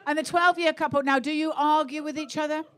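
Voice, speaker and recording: A woman's voice: high voice, fairly even intonation, quick pace, a faint crowd. A middle-aged woman doing live stand-up in a comedy club, blunt and sweary, teasing audience members about their relationships. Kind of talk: live stand-up crowd work.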